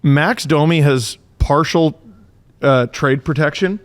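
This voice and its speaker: Man, podcast host, fairly high voice, exclamatory, casual sports chat. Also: slow. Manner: exasperated, exclamatory.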